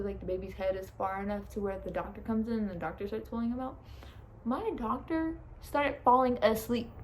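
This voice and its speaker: Young woman, vlogger storytime, mellow tone, blunt and profane, faint noise behind. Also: medium pitch, low-quality recording. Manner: blunt, profane, animated retelling. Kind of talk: casual storytime.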